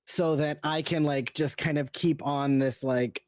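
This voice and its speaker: Halting tabletop player, dry close sound. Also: medium pitch, little pitch movement, darkish tone, no room sound. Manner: hesitant, many fillers.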